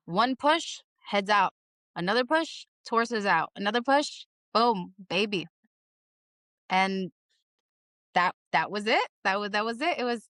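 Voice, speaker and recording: A woman's voice: medium pitch, fairly bright tone, clear, resonant tone, dry recording, clean studio sound. A young adult woman, a podcast guest, telling her story in casual, earnest speech and repeating phrases for emphasis.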